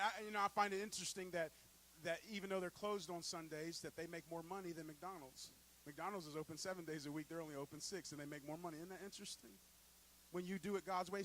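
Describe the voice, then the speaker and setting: A man preaching a sermon in a church, telling stories and building up to loud peaks. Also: high-pitched, rough recording. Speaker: pastor. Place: church sanctuary.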